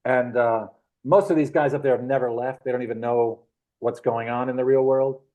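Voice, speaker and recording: A middle-aged man of middling pitch tells his stories in loose, rambling bursts. He chuckles often, restarts sentences and scatters fillers as he talks. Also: normal speed, narrow, tinny audio. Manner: animated, chuckling, rambling anecdotes. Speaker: guest. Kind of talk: casual storytelling.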